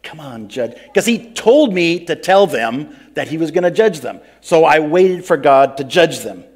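A man's voice: fairly high pitch, lively intonation, unhurried. A man playing a whiny, resentful old prophet. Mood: storytelling. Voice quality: earnest, plain-spoken, breaks into pleading outbursts. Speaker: interviewee in character. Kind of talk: first-person biblical role-play interview.

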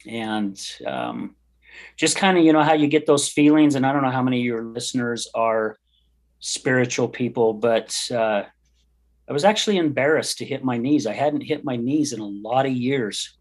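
A man's voice: medium pitch, lively intonation, normal speed. A middle-aged man telling his personal story as a podcast guest, earnest, heartfelt and candid. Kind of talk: personal testimony in an interview.

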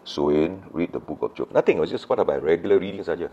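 A middle-aged man with a Malaysian English accent preaching a sermon as pastor, telling the story lively and acting out voices. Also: sits low, fast talker, husky, lo-fi sound. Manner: animated storytelling, acts out voices of disciples.

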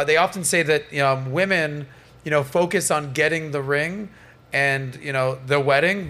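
Male podcast host, somewhat high-pitched, joking and moderating a panel. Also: fairly bright tone. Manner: joking, acts out quoted dialogue, moderates panel. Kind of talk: casual panel talk.

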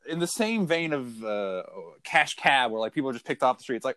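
A man co-hosting a casual podcast chat, animated and profane, laughing often and mimicking people. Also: medium pitch, fast, clear, resonant tone, dry recording. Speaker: podcast co-host.

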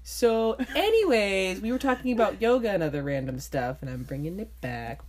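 A woman's voice: mid-range voice, sing-song, normal speed, darkish tone. A woman co-hosting a casual podcast from her bedroom, talking in a sing-songy, giggly, rambling way. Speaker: podcast co-host. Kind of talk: casual chat.

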